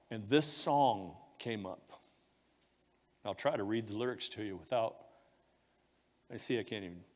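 A man preaching a sermon, confessional and emotional, his voice lifting as the feeling grows. His voice sits in a middle register, and a long hall reverb trails his words. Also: mid-range voice. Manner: emotional confessional storytelling, voice rising when moved. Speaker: pastor.

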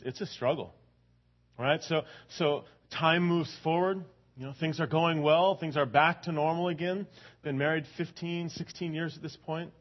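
A man's voice: medium pitch, highs cut off. A man giving a sermon, telling a story in a conversational way with many repeated words and building to fervent emphasis. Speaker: preacher.

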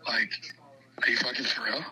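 A man's voice: medium pitch, level tone, moderate pace, sharp tone, a little hiss or hum, rough recording. A man on a call, telling a heated story in a rambling, profane, agitated way. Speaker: caller telling his story. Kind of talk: heated phone chat.

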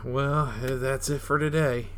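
An actor playing an excitable young male gravedigger who talks in an animated, exasperated way. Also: medium pitch, slow pace, slight background noise.

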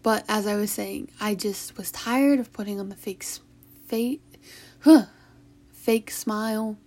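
Young woman, mid-pitched, emotional, halting, sighing, personal confessional talk. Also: darkish tone. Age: young adult. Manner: halting, emotional, with sighs and restarts. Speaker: vlogger.

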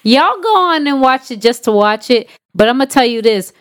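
A woman with a somewhat high voice talks casually on a podcast. She tells stories in an emphatic, slangy way. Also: animated, moderate pace, clear, resonant tone. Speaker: podcast co-host. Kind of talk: casual chat.

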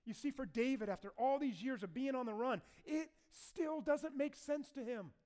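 Animated male preacher with a smooth, high voice. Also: normal speed. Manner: animated storyteller acting out voices. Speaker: pastor. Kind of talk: sermon.

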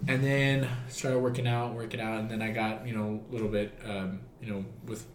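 A man's voice: on the low side, little pitch movement, normal speed. A young man, a metal singer guesting on a podcast, telling candid stories in a laid-back, swear-heavy way. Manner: candid, laid-back, swears freely, says "dude" a lot. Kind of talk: casual storytelling chat. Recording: echoey room.

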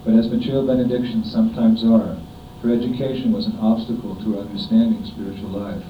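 A middle-aged man reads a devotional homage letter aloud in a measured, solemn way. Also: level tone. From United States. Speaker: disciple reading a homage letter. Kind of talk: reading a written devotional offering aloud. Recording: dull, echoey, distant room recording with faint rumble.

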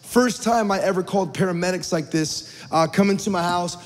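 High-voiced man preaching in a reverberant space. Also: a little fast. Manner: earnest storytelling, frequent repeated words. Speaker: pastor. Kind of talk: sermon.

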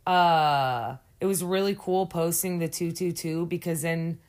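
A young woman with a slight lisp, co-hosting a casual chat podcast and telling rambling, relaxed stories. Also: lowish voice, measured pace. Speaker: podcast co-host.

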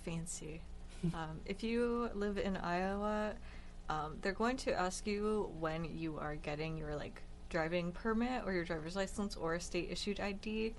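A young woman with a slightly low voice chats on a radio show, tossing out dry, wry remarks. A faint hiss of noise sits under her voice. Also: a little slow. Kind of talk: casual radio chat.

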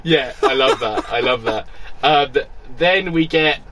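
A man's voice: mid-range voice, measured pace, background noise. A man co-hosting a podcast, casually chatting and giggling as he reads comments aloud. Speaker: podcast co-host. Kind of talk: casual chat.

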